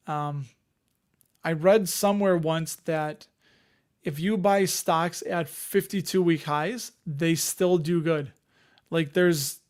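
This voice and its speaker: A man with a fairly high voice talks casually on a live stream. He rambles, restarts his sentences and answers comments from the chat as he goes. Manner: rambling, conversational, reads chat comments aloud. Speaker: host of a dividend investing live stream.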